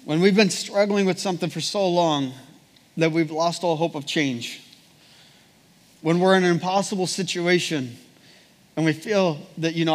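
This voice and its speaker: An earnest man preaching a sermon, reading passages aloud and then circling back to his point with repeated phrases. His voice sits a little higher than most men's, and a long reverb trails off every sentence in a big church room. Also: normal speed, long pauses.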